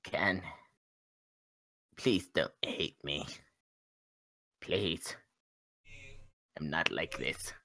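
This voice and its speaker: Brief: a deep-voiced man reading as a shy anxious schoolgirl from a visual novel, slow, bright tone. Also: vocal fry, dry recording, studio quality, heavily acted. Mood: timid. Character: shy, anxious teenage girl from a game. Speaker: streamer reading game dialogue.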